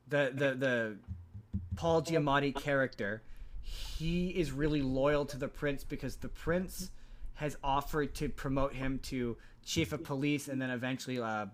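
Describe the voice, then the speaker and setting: A man of medium pitch chats casually as a podcast host, recapping a story. He rambles, trips over his words and restarts sentences often. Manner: rambling, frequent restarts and stammered repeats. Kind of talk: casual chat recapping a film.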